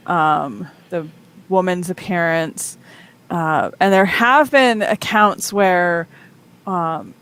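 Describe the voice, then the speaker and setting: A woman who is a guest author on a talk show, answering hesitantly with frequent pauses and ums. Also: on the low side, a bit bright. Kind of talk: interview answers.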